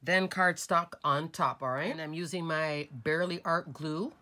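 Middle-aged lady with a stuffy cold-nose voice, lowish tone, chatty craft how-to at her desk. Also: measured pace, sharp tone. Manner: chatty, addresses viewers as folks and crafters. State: nasal from a cold. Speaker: craft tutorial host. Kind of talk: casual step-by-step craft tutorial.

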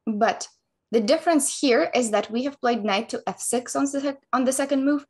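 A woman chess coach calmly and methodically explaining a chess opening, move by move. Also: high-pitched, moderate pace, breathy edge. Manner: calm, methodical explanation of moves.

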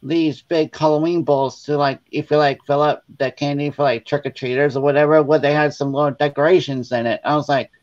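A man, a guest on a casual crafting chat, telling funny stories in a lively way and acting out the voices of the people in them. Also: fairly high pitch, fairly quick, few pauses. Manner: animated, acts out quoted voices. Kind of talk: casual storytelling. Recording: dull lo-fi sound.

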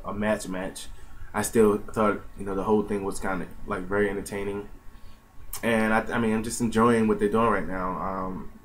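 A man's voice: lowish voice, flat delivery, moderate pace, a little hiss or hum, low-quality recording. A man giving a casual, rambling spoken recap as the host of a wrestling review channel, with lots of fillers. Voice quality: laid-back, filler-heavy rambling delivery. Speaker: YouTube wrestling show reviewer.

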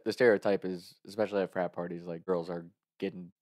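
A man's voice: low-pitched, steady tone, quick pace, a little mellow, no room sound, clean studio sound. A man telling a casual personal anecdote in a loose, rambling way, often laughing mid-sentence. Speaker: storyteller.

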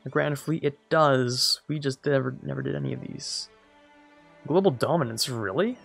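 Gravelly man rambling over a strategy game. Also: medium pitch, normal speed, a bit bright, faint music behind. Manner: rambling, self-correcting, jokey asides. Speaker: let's play host. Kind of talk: casual gameplay commentary.

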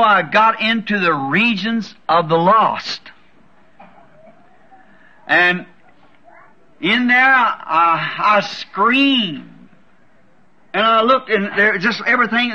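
A man's voice: sits high, pushed and bright. A man preaching a sermon, telling a vision as a fervent testimony and repeating words for emphasis. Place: church. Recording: dull lo-fi 1960s tape recording.

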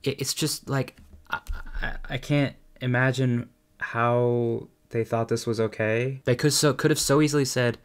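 A young man giving casual commentary, sarcastic and critical, with quick asides. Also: medium pitch, fairly even intonation, smooth. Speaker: YouTuber. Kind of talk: casual commentary on song lyrics.

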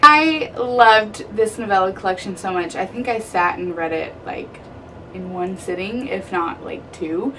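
Young woman, book reviewer, excitable and chatty, slightly distant mic with faint hum. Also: mid-range voice, measured pace. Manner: bubbly, gushing, peppered with "like". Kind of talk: casual book review vlog. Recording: somewhat distant mic with faint room ambience.

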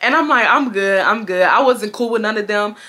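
A woman in her twenties from Houston, telling a storytime to her viewers in a casual, slangy, animated way, swearing often and jumping into high shrieks when she quotes people. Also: a little fast. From Houston, Texas. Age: 20s. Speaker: storytime vlogger.

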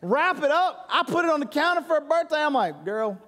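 High-voiced joking pastor in a reverberant church. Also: male voice, big pitch swings, brisk, a bit bright, slight background noise. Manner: joking, crowd-engaging storytelling. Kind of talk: sermon. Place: church sanctuary. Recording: long hall reverb.

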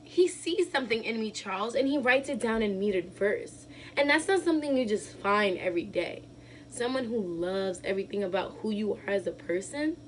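A young actress playing an unraveling wife who laughs nervously through her divorce, her lines swinging from loud outbursts to hushed murmurs. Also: mid-range voice, expressive, moderate pace, a little hiss or hum, lightly acted, rough recording. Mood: wistful. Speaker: actress performing a monologue. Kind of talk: dramatic monologue.

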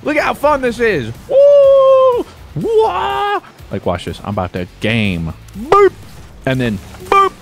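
Young American man, streamer type, playful commentary; lively swooping pitch, faint music under him. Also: moderate pace, few pauses. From United States. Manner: playful, swings from mumbled asides to loud whoops. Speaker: gaming video creator. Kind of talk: casual gameplay commentary.

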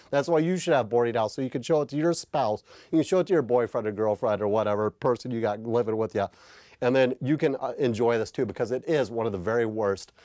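A man hosts a comedic review of a bad film, ranting with sarcastic energy and casual swearing. His voice sits at an ordinary middle pitch. The recording is dry, with no room sound around him. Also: a little mellow, dry recording. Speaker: host.

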